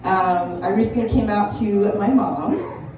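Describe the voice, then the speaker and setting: In a small comedy club, a young woman performs open mic stand-up in an unhurried, steady, medium-pitched voice. Her set is rambling and self-deprecating, full of ums and restarts, recorded from a distant mic in an echoey room with audible noise.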